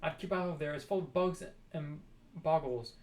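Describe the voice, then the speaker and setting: A man's voice: on the high side, normal speed, darkish tone, close to an everyday voice. A man voicing an anxious young boy who calls out and pleads. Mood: worried. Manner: pleading, eager.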